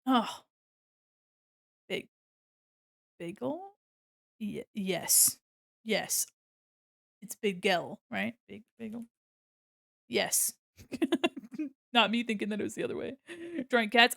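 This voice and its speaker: A woman's voice: on the high side, expressive, takes it slowly, gravelly, long pauses, fairly bright tone, dry recording, studio quality. A young adult woman streaming casually while she draws, rambling and giggling often and swearing freely.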